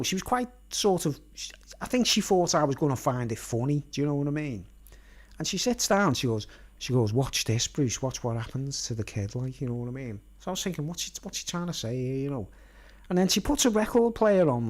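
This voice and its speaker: A man spins a rambling personal tale in casual, nonstandard slang. His pitch swoops and jumps lively as he talks. He keeps pausing to check in with his listeners. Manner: colloquial, nonstandard grammar. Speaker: vlogger.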